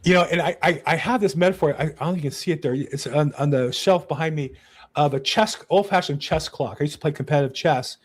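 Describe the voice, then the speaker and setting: A man hosts a conversational interview over a video call, chatty and quick to agree. He laughs easily and tells personal stories. His voice sits slightly high. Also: husky. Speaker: interview host.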